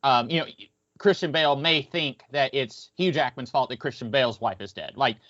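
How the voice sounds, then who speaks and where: A podcast co-host chats casually about a film, rambling and restarting as he plays it by ear. His voice is medium-pitched and fairly bright, at normal speed, and the recording sounds dry, dull and lo-fi.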